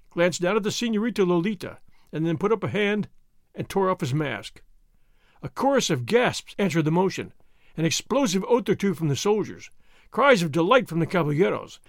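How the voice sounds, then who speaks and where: Expressive male audiobook narrator, high voice. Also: moderate pace, vocal fry, no echo, studio quality. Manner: expressive storytelling reading. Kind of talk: scripted narration.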